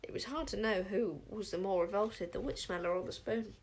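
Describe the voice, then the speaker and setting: A woman reads a children's storybook aloud with a mid-range voice. Her delivery is lively and expressive, and her pitch leaps when the story gets exciting. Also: a little fast, breathy edge. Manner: lively, voices the characters with big pitch jumps. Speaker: audiobook narrator. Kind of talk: storybook reading.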